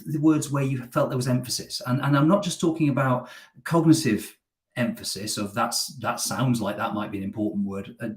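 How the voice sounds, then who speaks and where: A man's voice: mid-range voice, darkish tone. A man as a guest in a casual sales chat, speaking emphatically about listening to clients. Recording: echoey room.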